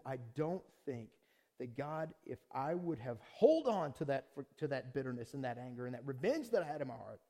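A middle-aged man preaches to his church with a fairly high voice. He talks through a personal story in plain, conversational terms, dropping to quiet asides and rising to loud, heated outbursts. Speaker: pastor. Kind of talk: sermon with personal testimony.

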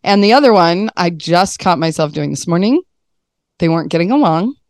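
A woman in her thirties with a fairly low voice, recorded close and dry. She is a mother of young kids who chats casually, mocks herself, and laughs often. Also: animated, a little fast, darkish tone, no room sound. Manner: chatty, self-mocking, laughs often. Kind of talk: casual podcast chat.

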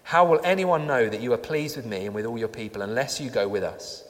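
Man, preacher, emphatic sermon delivery, repeats key lines, mid-pitched voice, long church reverb. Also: brisk. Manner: emphatic, repeats lines for effect, reads scripture aloud.

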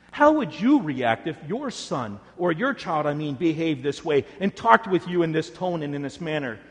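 A man preaching a sermon, swinging dramatically between loud emphasis and hushed words. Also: a little high. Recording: echoey hall reverb.

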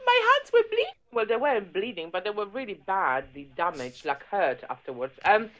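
A woman's voice: medium pitch, very animated, normal speed, fairly bright tone, lo-fi sound, a little hiss or hum. A middle-aged woman, a podcast guest, chatting casually and telling stories with lots of laughter. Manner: chatty, giggly storyteller. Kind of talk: casual chat.

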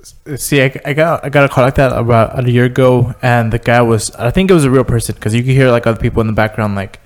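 Clear-voiced man in casual chat. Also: mid-range voice, fairly even intonation, quick pace. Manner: filler-heavy, says "like" constantly.

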